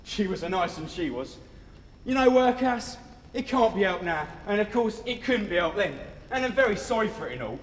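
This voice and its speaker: A man's voice: high voice, expressive, moderate pace. An actor playing a cocky, taunting young male undertaker's apprentice on a theatre stage, in amateur stage musical style. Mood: mocking. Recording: echoey hall from far off, music.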